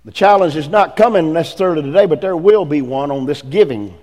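A man preaching a sermon as pastor, swinging from loud emphatic lines to hushed ones. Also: on the high side, fast, in a large hall.

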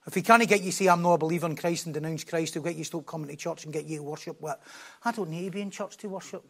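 A man preaching a sermon from a church platform, passionate, swinging between quiet asides and loud, emphatic bursts. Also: a little high, racing, gravelly, breathy edge.

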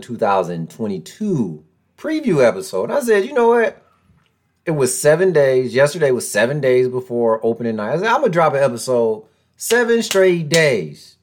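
A man hosting a casual podcast from a room at home, excitable and joking, with big swings in pitch and loudness. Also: normal speed. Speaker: podcast host. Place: room at home with a door nearby.

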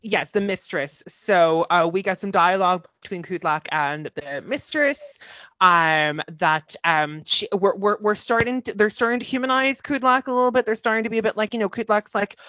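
A woman's voice: mid-range voice, normal speed, pushed and bright, no echo, lo-fi sound. A woman co-hosting a podcast, chatting animatedly about a TV episode with frequent fillers and casual swearing. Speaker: podcast co-host. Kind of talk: casual chat reviewing a TV episode.

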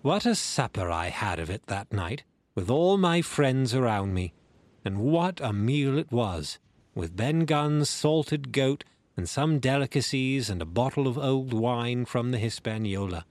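A man narrating a classic adventure novel in a measured, expressive reading. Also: medium pitch, no echo. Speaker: audiobook narrator. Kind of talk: storybook reading.

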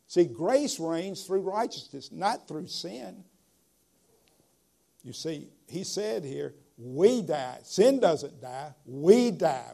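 A man preaching a sermon, emphatic, slowing down to stress key phrases, with frequent "uh" fillers. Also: on the high side, animated, gravelly, mellow.

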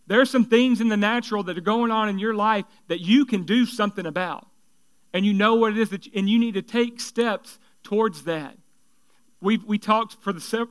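A man's voice: high voice, fairly bright tone, clear, resonant tone, dry recording. A man preaching a sermon as pastor, in a conversational style full of rhetorical questions.

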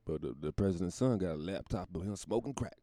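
A man with a low, warm voice riffs profanely in a casual podcast monologue, his pitch leaping up and down as he rambles. The sound is dry and close, with no room around it. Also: expressive, fast talker, dry recording. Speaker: comedian.

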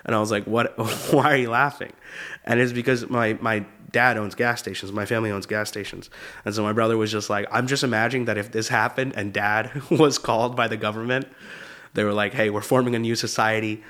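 A man's voice: fairly low pitch, fairly even intonation, a little fast, a bit bright. A man in his twenties, a comedian hosting his own show, telling rambling stories in a casual monologue, laughing at his own jokes and acting out quotes. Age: 20s. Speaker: comedian host.

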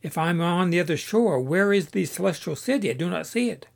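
A man's voice: high voice, lively intonation, fairly quick, gravelly, full character voice. Earnest devout pilgrim, weary young man, plain-spoken, storybook reading, voiced by a man. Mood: searching.

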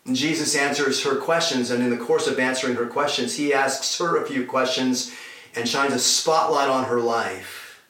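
A male pastor preaching a sermon and retelling scripture as an animated story, heard from a distance in an echoey room. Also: mid-range voice, normal speed.

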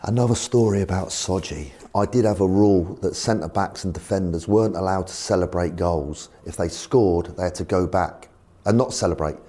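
A former football manager telling anecdotes in an animated way and acting out voices. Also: male voice, low voice, normal speed. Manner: animated, acts out voices in his stories. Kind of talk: anecdotal storytelling.

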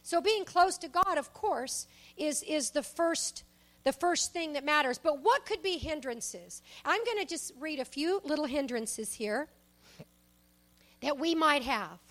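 A woman preaching a sermon, emphatic, shifting between loud exhortation and soft asides and personal stories. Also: sits high, animated, measured pace. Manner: tells personal stories, acts out quoted speech.

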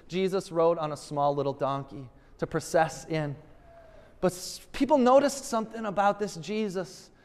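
A man's voice: high-pitched, smooth, in a large hall. A male pastor preaching a sermon, emphatic and repeating rhetorical questions to press his point.

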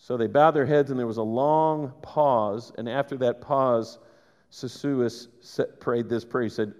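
A man preaching a sermon, conversational and animated, with quick asides to the congregation. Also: mid-range voice, clear, resonant tone. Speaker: pastor. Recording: reverberant church hall.

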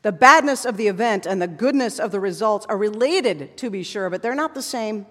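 A woman preaching a sermon in an earnest manner, rising to fervent passages and sinking to hushed closing words. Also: mid-range voice, expressive, brisk. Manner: earnest, builds to fervent passages, drops to soft hushed endings. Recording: long hall reverb.

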